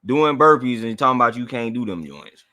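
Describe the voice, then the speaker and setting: Lively bright-voiced joking man. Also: medium pitch, a little fast. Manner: joking, defensive banter. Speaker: guest. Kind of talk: casual live-stream chat.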